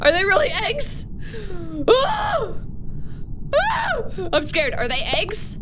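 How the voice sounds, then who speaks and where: Excitable high-voiced woman streamer. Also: normal speed. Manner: animated, excitable, jokey, with sudden yelps. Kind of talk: live gaming stream chat. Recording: noisy background.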